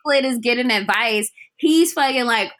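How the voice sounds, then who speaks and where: A woman co-hosting a podcast, recapping film scenes in a casual, animated way. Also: fairly high pitch, normal speed. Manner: animated, acts out characters' lines in quotes. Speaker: podcast co-host.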